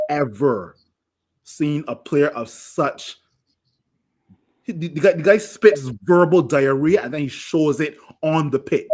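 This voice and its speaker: A man ranting furiously as a fan panelist on a podcast, repeating himself and swearing. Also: a little high. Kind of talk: angry fan rant on a podcast.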